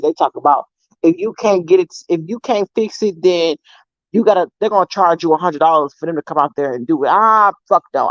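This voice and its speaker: A woman vlogger casually telling family stories to her viewers, animated and swearing freely. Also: on the low side, no room sound, lo-fi sound.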